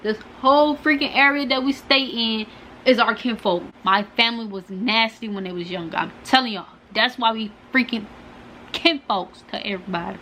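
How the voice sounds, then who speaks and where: Animated young woman. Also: a little high, normal speed, a little hiss or hum. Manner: animated, dramatic, talks straight to viewers. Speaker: vlogger. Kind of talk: storytime vlog.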